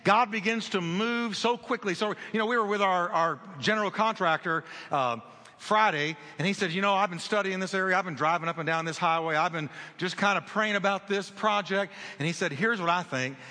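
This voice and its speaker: A pastor preaching in a big church, his fairly high, bright voice ringing through a long hall reverb. He swings from loud calls to the congregation down to quiet, intimate passages, with a lively, animated pitch throughout. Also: a little fast. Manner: preaching with big swings between loud exhortation and hushed, low storytelling. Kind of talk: sermon.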